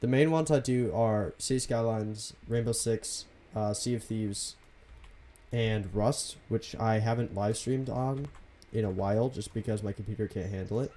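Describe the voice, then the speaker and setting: Laid-back streamer man, dark mellow voice. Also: lowish voice, fairly even intonation, moderate pace. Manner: laid-back, soft half-whispered delivery. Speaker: game streamer. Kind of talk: casual live-stream commentary.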